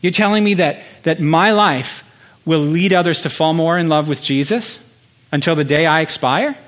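A man preaching a sermon to his congregation, impassioned, building through repeated phrases with pauses. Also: fairly high pitch, a bit bright. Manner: impassioned, rhetorical repetition with pauses. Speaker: pastor.

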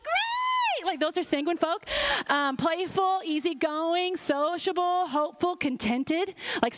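Bubbly woman pastor, higher voice. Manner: bubbly, animated, full of laughs and voice-acted quotes. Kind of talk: sermon.

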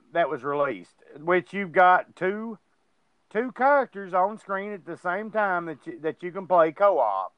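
A man's voice: fairly high pitch, dry recording. A man co-hosting a podcast in rambling, casual chat, swearing freely, heard over a dull phone line. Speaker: podcast co-host.

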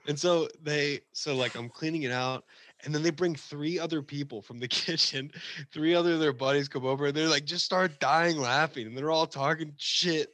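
A man's voice: normal speed, a bit bright. A young man on a podcast telling a work story in casual chat, laughing as he acts out the quotes. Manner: laughs through his story, acts out quotes in high voices. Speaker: podcast co-host.

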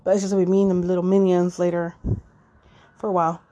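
A woman's voice: fairly low pitch, little pitch movement, fast, dark tone. A woman in her thirties talking casually and emotionally on her podcast, swearing freely and using lots of fillers. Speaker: podcast host. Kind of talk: casual personal monologue.

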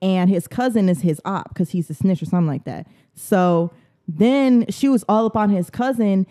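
Mellow-voiced woman telling a story. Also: medium pitch, normal speed. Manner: animated, profane storytelling with acted-out quotes. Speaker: podcast co-host. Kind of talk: casual storytelling chat.

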